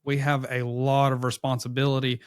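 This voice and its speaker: Smooth-voiced man, thoughtful podcast co-host. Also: medium pitch, monotone, fairly quick, dry recording, studio quality. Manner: reflective, supportive interjections. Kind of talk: casual faith discussion.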